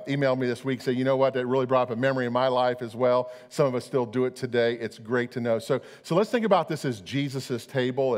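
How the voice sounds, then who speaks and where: Chatty pastor in a big reverby hall. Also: male voice, mid-range voice. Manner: chatty, repeats words, acts out both sides of a story. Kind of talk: storytelling sermon.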